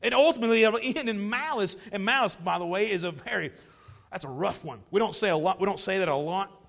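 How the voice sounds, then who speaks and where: A male pastor delivers a sermon in a church sanctuary. His voice sits high for a man, and he drives his points with repeated rhetorical questions. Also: animated, fast talker, gravelly, a bit bright. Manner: emphatic preaching with rhetorical questions and repeated phrases.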